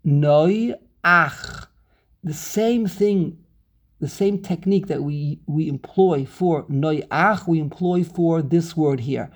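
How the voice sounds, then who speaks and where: Slow gravelly man teaching cantillation. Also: on the high side, darkish tone. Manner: explains step by step, repeats himself. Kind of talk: Torah cantillation lesson.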